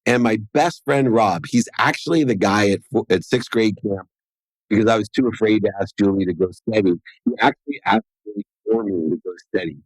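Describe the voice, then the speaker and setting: Man, podcast guest, earnest personal storytelling, acts out dialogue, lowish voice, dry close sound. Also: a little fast, dry recording.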